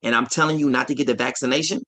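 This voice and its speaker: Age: 40s. Sex: man. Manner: forceful, insistent preaching. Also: mid-range voice, fairly even intonation, racing. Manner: swings between quiet asides and loud emphatic declarations; repetitive, insistent cadence. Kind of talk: livestreamed preaching.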